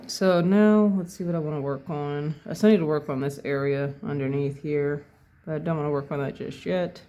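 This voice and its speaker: A painting instructor narrating a tutorial in an unhurried way, thinking aloud step by step as they work. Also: mid-range voice, mellow, highs cut off, slight background noise.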